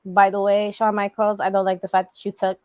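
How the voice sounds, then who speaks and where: This podcast co-host recaps a wrestling show in a loose, rambling style heavy on fillers and slang. Her mid-range voice is monotone and fairly quick, recorded with no echo and the highs cut off.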